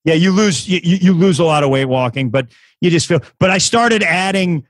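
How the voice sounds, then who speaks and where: A man's voice: high-pitched, lively intonation, brisk, no room sound, poor audio. A man in his fifties, a comedian guest on a podcast, telling a story in casual chat with many restarts and false starts. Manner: rambling with many restarts and acted quotes.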